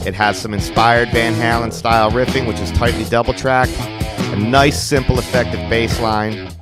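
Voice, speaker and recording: A man hosting his channel gives a casual track-by-track album review, chatty and enthusiastic, with lots of "like" and "crazy." He speaks at a moderate pace in a medium pitch with fairly even intonation, while the album's music plays underneath.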